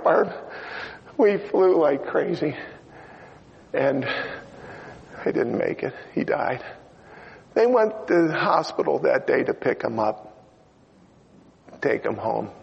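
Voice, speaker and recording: Older man preaching with a gravelly voice. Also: on the high side, animated, slow pace, long pauses. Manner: emotional storytelling with asides to listeners. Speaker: pastor. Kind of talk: sermon. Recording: lo-fi recording in a reverberant hall, faint noise.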